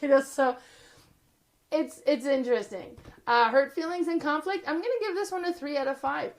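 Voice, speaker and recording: A woman's voice: high voice, a little fast. A woman casually reviewing board games, chatty, laughing often and filling her talk with "like" and "you know".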